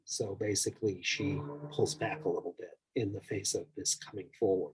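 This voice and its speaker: A male therapist talks through an example in a casual, rambling way, leaning on "like" and "you know." His voice is deep-set and very husky. He slips into the voices of the people in his story as he explains. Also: fairly even intonation, moderate pace, hardly any pauses, rough recording. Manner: loose and conversational, full of "like" and "you know".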